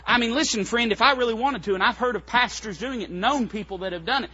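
A man's voice: extremely high pitch, fast talker, pushed and bright, slightly rough. A male pastor preaching a sermon in a folksy, impassioned way, talking straight to his listeners as friends, on a dull lo-fi recording.

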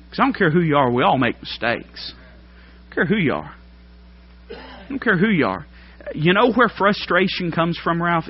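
A man preaching a sermon, folksy and plain-spoken, climbing to loud emphatic peaks. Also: on the high side. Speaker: pastor. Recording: dull lo-fi sermon recording.

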